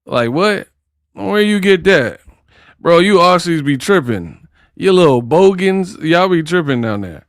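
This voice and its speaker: This boxing commentator speaks high and sing-song at an unhurried pace, keeping things casual as he trash-talks, jokes, sings, and slips into mock accents. His dry recording has a clean studio quality.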